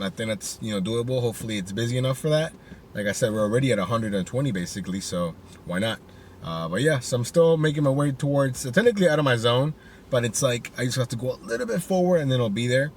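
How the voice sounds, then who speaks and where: An upbeat man talks casually to his viewers while driving, his voice pitched in an ordinary middle range. He rambles in a friendly way, padding his sentences with "you know" and "like". A faint hum of traffic sits behind him. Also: distant mic. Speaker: delivery driver vlogger. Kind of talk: casual vlog commentary. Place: inside a car while driving.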